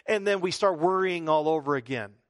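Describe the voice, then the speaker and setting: A man's voice: on the high side, brisk, no room sound, studio quality. A male pastor preaching a conversational sermon, full of rhetorical questions and repeated phrases.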